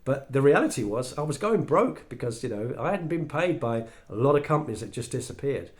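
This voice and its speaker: A man's voice: mid-range voice, brisk. A man with an English accent telling a personal story as a monologue, acting out the dialogue he quotes. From England. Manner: animated, acts out quoted dialogue. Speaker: speaker sharing his story.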